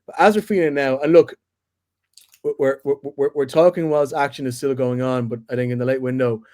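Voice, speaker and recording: A man co-hosting a relaxed sports podcast. His voice sits at an ordinary middle pitch, and he talks in stop-start phrases, restarting words as he works his thoughts out, with easy teasing banter. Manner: halting, lots of restarts, bantering. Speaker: podcast co-host. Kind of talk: casual sports chat.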